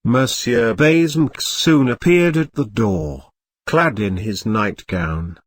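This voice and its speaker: A man reading a classic novel aloud as an audiobook, in a measured storytelling manner with light shifts for the characters. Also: medium pitch. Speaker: narrator.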